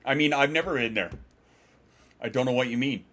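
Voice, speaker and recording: A man's voice: medium pitch, fairly quick, bright, forceful tone. A man chatting casually on a livestream, reading chat aloud and replying in a rambling, profane way with frequent restarts. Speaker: streamer.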